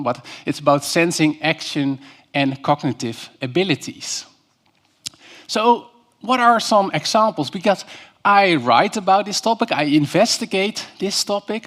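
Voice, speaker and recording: A man gives a keynote presentation in a university lecture hall, telling stories and putting questions to the audience. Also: fairly high pitch. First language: Dutch. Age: 30s. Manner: storytelling, engaging the audience with questions. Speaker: keynote speaker.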